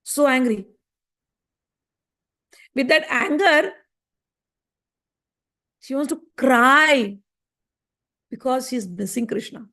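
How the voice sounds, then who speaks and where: A woman's voice: sits high, slow, pauses often, pushed and bright. A woman, teaching a devotional class in a storytelling way and often checking in with her listeners. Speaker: spiritual teacher.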